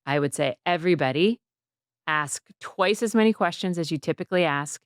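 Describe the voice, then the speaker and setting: A woman's voice: fairly low pitch, fairly quick, no echo, studio quality. A middle-aged woman, a guest author, talking reflectively in a casual interview. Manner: reflective, quotes people in lively voices.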